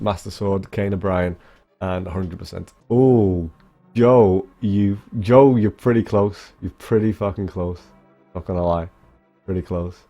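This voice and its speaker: A man's voice: sits low, warm tone. A young man, a speedrunner, rambling casually to his livestream chat, swearing freely and answering viewers. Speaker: speedrunner streamer.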